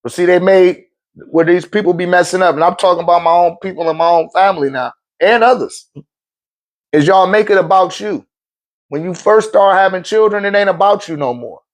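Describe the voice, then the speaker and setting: A man's voice: high-pitched, brisk. A middle-aged man, giving blunt, profane life advice in a casual monologue and laughing often.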